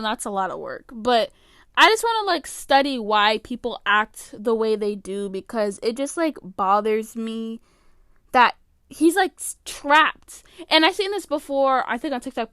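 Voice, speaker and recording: A woman's voice: on the high side, a bit bright, clean tone, no echo, clean studio sound. A woman hosting a podcast alone, giving casual opinionated commentary full of "like" fillers. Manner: chatty, opinionated, many "like" fillers. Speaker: podcast host.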